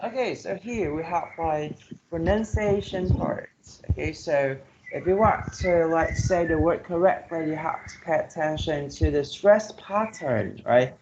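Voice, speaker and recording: Vietnamese-accented guy teaching a class online, slow and kinda gravelly, dull lo-fi sound w/ faint hiss. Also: on the high side. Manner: slow, repeats "okay" and "right?" to check understanding. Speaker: English teacher.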